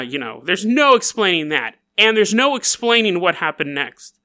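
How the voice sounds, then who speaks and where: A man hosting a podcast, telling a strange story in a playful, jokey way with quick asides. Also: high voice, sing-song, sharp tone. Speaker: podcast host. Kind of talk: casual comedic storytelling.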